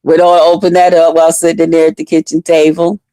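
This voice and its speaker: A woman's voice: low voice, completely flat delivery, fast, mellow, no echo. Woman, casual storytelling, emotional, cursing, dry. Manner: emotional, tearful at times, swears freely. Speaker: vlogger.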